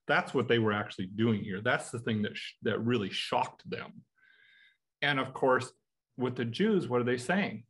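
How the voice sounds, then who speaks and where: A man's voice: mid-range voice, normal speed, a bit bright, breathy edge. An American man teaching a Bible study in a conversational way, asking his listeners rhetorical questions. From United States.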